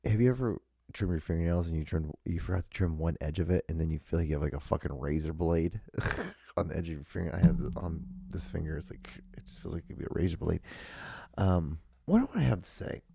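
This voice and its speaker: A man's voice: low-pitched, quick pace, creaky, dark tone, slightly rough, no echo, studio quality. A young man hosting a solo podcast, rambling casually and swearing a lot between fillers. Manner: rambling and profane, full of fillers. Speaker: podcast host.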